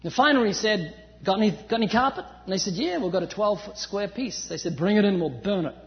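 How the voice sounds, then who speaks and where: High-voiced preacher in an echoing hall. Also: male voice, fast talker. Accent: faint New Zealand. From New Zealand. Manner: animated preaching, swinging from loud emphasis to hushed asides. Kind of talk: sermon. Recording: dull sound with long hall reverb.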